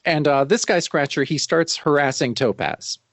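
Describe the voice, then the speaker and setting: A man co-hosting a podcast, chatting casually and retelling scenes in a relaxed, agreeable way. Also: a little high, moderate pace, no room sound. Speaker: podcast co-host. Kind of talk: casual chat.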